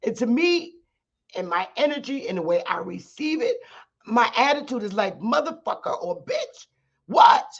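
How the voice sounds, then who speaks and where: A middle-aged woman holds forth on her own livestream, blunt and combative, cursing freely as she lays down her rules. Her voice has a husky, breathy edge. The audio comes through dull and lo-fi. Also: on the high side, animated, moderate pace. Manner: blunt, profane and combative, rising to shouts. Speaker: channel host teaching her audience. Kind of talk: heated livestream monologue.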